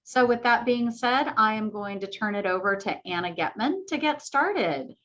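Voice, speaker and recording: A woman hosting a webinar, reading out the agenda in an even, organized way before handing over to the presenter. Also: a little high, moderate pace. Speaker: webinar host. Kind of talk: scripted introduction. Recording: slightly dull lo-fi webinar audio.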